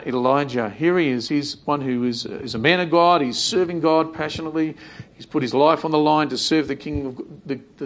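A man preaching a sermon in a conversational way, repeating phrases and acting out imagined prayers. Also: a little high.

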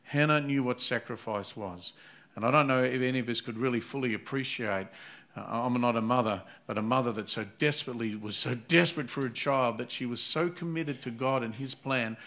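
A man's voice: medium pitch, a little fast, fairly bright tone. A man preaching an earnest sermon, retelling a Bible story and acting out its voices. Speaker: pastor.

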